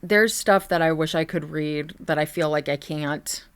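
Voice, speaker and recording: A woman's voice: sits low, normal speed. A woman talking in a casual music-commentary vlog, blunt and profane, rambling with asides and self-corrections. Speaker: music vlogger.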